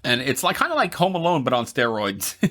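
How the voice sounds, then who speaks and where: Male podcast co-host, bright and forceful, casual plot recap with laughing asides. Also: medium pitch, huge pitch swings, brisk. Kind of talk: casual movie recap chat.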